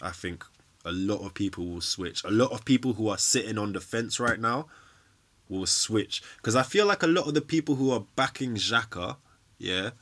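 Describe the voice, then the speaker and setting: A man's voice: on the low side, lively intonation, moderate pace, a bit bright. A young man, ranting casually and bluntly about his football team as a fan streamer, swearing freely.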